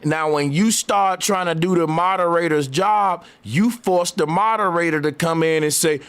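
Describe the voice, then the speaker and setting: A man's voice: a little high, normal speed, hardly any pauses, a bit bright, smooth. A man in a heated live debate, arguing insistently and repeating his points. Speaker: debate show host.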